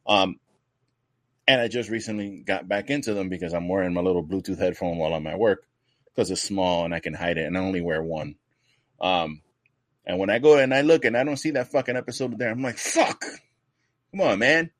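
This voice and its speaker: A man hosts a casual podcast in a low, deep voice. He rambles loosely through banter and swears freely. The sound is very dry and close, with no room behind him. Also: fairly quick, no echo. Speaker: podcast co-host.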